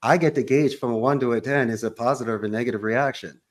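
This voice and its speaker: A man's voice: medium pitch, fast talker, hardly any pauses. A man who owns a call center, talking as a podcast guest in an emphatic, punchy way that is full of sports and pop-culture references. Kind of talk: animated interview talk.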